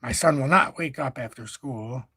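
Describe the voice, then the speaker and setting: A man's voice: mid-range voice, normal speed, pushed and bright, slightly rough, no room sound. A man hosting a casual crypto livestream, talking through charts in a rambling, profane, self-correcting way.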